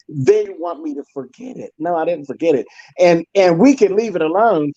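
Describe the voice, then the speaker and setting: A man's voice: fairly high pitch, darkish tone, no room sound, muffled recording. A man speaking as a guest on an online panel chat, blunt and emphatic, repeating points for force.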